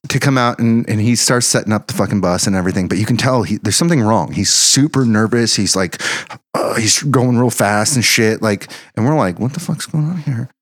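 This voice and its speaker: Brief: male musician telling road anecdotes, profane and animated, dry sound. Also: fairly low pitch, a little fast, no echo. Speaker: band member telling tour stories. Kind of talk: casual storytelling chat.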